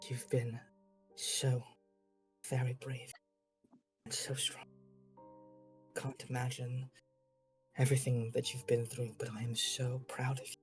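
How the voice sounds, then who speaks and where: A game master playing a warm, loving mother reunited with her daughter, speaking softly and with emotion. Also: mid-range voice, unhurried, pauses often, faint music behind, natural voice. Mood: tender. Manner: tender, hushed and emotional.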